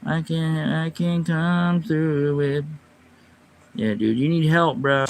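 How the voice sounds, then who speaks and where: On a livestream through a phone or desk mic, a man speaks slowly in a fairly high, gravelly voice with a steady tone. He meanders through a long personal story, quiet as he narrates, and grows louder and sharper when snapping at his chat.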